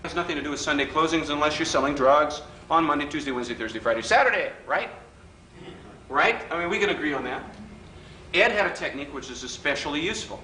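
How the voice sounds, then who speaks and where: His voice is a little high, expressive, bright and forceful, and he moves at a quick pace. As a workshop speaker on political persuasion, he teases and jokes with a live hotel function room audience, voicing the characters in his stories. A distant mic picked up echo and faint hiss.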